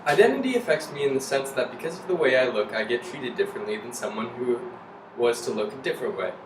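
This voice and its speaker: A man's voice: medium pitch, expressive, fast. A man giving an earnest interview answer, recorded in an echoey, distant, noisy room.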